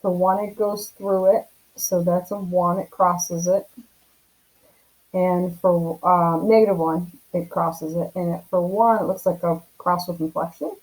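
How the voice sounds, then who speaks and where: Lady math teacher talking thru a lesson at home, lowish mellow voice, keeps asking "right?". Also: fairly even intonation, a little slow, low-quality recording. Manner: casual, often checks in with "right?". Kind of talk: recorded video lesson.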